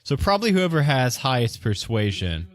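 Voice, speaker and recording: Lively-voiced male dungeon master. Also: medium pitch, normal speed. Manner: hesitant, lots of fillers. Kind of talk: narrating a tabletop game.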